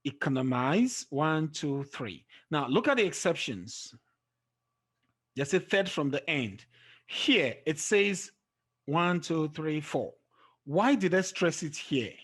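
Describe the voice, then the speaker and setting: A man gives an exam-prep pronunciation lesson at an unhurried pace. His voice sits a little high, and he counts syllables out loud, one, two, three. He checks in often with a quick "okay?". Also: very animated, slightly rough. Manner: drawls example words slowly and trails off at phrase ends. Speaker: English teacher.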